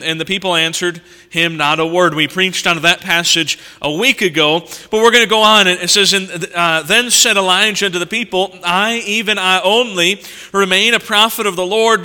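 This is an expository sermon in what sounds like a big church, where long reverb follows each phrase. The man's voice is smooth and high, and he reads scripture, stops to comment, and moves animatedly between loud stresses and quiet asides.

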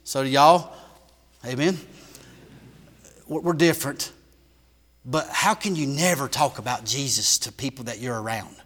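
A man preaching a sermon in a church, shifting from loud emphatic bursts to hushed lines. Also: medium pitch, measured pace, long pauses, long reverb tail. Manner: emphatic preaching with big swings in volume.

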